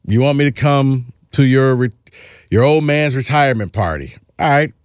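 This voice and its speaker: A man's voice: medium pitch, moderate pace, clear, resonant tone, no room sound, studio quality. A man co-hosting a sports podcast, talking in a casual, emphatic and opinionated way, often restarting his phrases.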